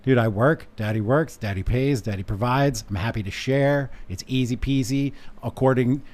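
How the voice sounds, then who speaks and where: A man's voice: medium pitch, moderate pace, a little mellow. A man appearing as a guest on a casual panel discussion, speaking emphatically and building his points in lists.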